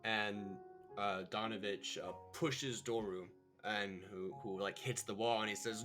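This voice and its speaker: A man's voice: on the low side, fairly even intonation, a little slow, fairly bright tone, faint music behind. A man narrating a tabletop game as game master, loosely and in the moment with many fillers.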